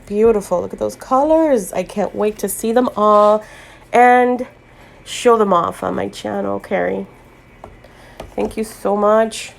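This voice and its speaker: Middle-aged woman, gravelly and slow, near tears, gushing unboxing vlog host. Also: mid-range voice. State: choked up. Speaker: tarot channel host.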